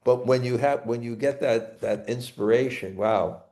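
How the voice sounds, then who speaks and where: Mellow and medium in pitch, this Brooklyn-accented man teaches a scripture class. He is halting throughout, frequently repeating words and starting over.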